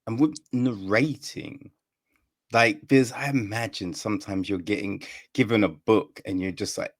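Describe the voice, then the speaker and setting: A man hosting an interview, chatty and animated, laughing easily as he asks questions. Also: fairly low pitch, normal speed, no echo, clean studio sound. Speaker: podcast interviewer. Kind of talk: casual interview chat.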